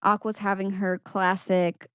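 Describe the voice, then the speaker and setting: A young woman co-hosts a casual podcast, retelling a film scene by scene. She slips into high, animated voices when quoting characters and laughs often. The sound is dry and close to the mic. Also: unhurried, smooth, no echo. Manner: animated storytelling with high-pitched quoted voices and frequent laughs. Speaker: podcast co-host. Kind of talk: casual movie recap chat.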